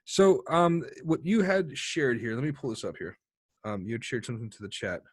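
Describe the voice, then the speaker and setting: A man's voice: medium pitch, sing-song, moderate pace, husky, no echo. A man co-hosting a casual podcast, arguing and joking with his friend and swearing freely. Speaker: podcast co-host.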